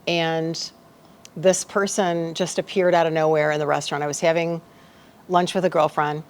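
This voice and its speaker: A woman with a somewhat low voice speaks as a podcast guest. She is a life coach telling a personal story in a casual, animated way, acting out the back-and-forth of the conversation she describes. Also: moderate pace. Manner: animated, acts out dialogue in her stories.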